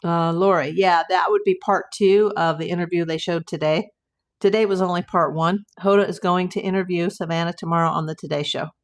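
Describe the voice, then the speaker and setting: A woman with a fairly low voice hosts a casual live stream from home. She is a private investigator and talks in an easy, chatty way as she answers her viewers' comments aloud. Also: steady tone, a little fast.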